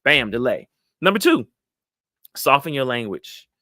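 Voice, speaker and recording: A middle-aged man, giving lively motivational advice to an audience and acting out voices. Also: mid-range voice, measured pace, dry recording, studio quality. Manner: animated, acts out quoted voices, addresses audience as y'all. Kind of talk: motivational talk to a live audience.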